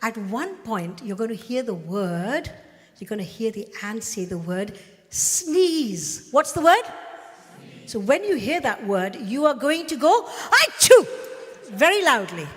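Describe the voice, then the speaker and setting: A woman's voice: a little high, very animated, measured pace. A woman leading a live audience at a devotional celebration, talking in a playful, coaxing, teacherly way. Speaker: song leader at a devotional celebration. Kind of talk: lively talk leading children and audience. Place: large event hall, live audience. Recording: long hall reverb with faint music.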